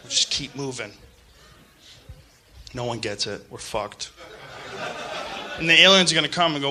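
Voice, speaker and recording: A man doing a stand-up comedy set, profane and ranting, swinging from shouting bits to low muttered asides. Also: lively intonation, moderate pace, pauses often, a little hiss or hum.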